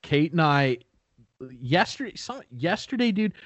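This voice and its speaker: A man's voice: on the high side, big pitch swings, measured pace, no room sound, muffled recording. A young man co-hosting a podcast, rambling through a story in casual chat. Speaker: podcast co-host.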